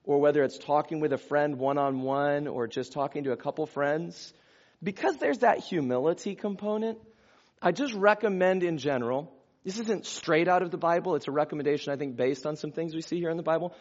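A man's voice: a little high, normal speed. A man preaching a conversational sermon as a pastor, with easy asides and chuckles. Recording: dull lo-fi sound.

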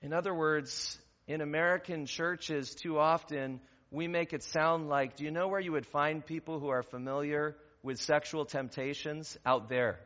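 A male pastor delivering a sermon, asking rhetorical questions and building to loud, emphatic stretches. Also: on the high side, fairly even intonation, moderate pace, hardly any pauses. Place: church sanctuary. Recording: long reverb, dull lo-fi church recording.

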